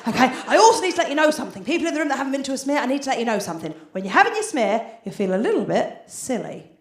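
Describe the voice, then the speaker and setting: A woman's voice: high voice, sing-song, racing, reverberant. A British woman performing a stand-up comedy routine on a theatre stage, chatty and conspiratorial with the crowd. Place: theatre stage before an audience.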